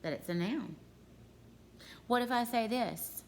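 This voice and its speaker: A woman's voice: a little high, a little slow. A woman in her thirties teaching a grammar lesson to her students at home, in a chatty way that talks straight to them.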